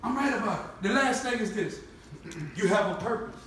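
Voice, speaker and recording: A woman's voice: mid-range voice, brisk, distant mic, a little hiss or hum. Fiery woman preacher in an echoey church. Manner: fiery, conversational, shouts often, laughing asides. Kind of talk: sermon. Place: church sanctuary.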